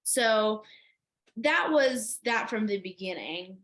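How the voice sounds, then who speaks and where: Young woman from Ukraine, native Russian speaker, interviewee; measured, pausing, mid-pitched. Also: lively intonation, fairly bright tone. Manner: thoughtful, pausing often and restarting phrases. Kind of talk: personal interview.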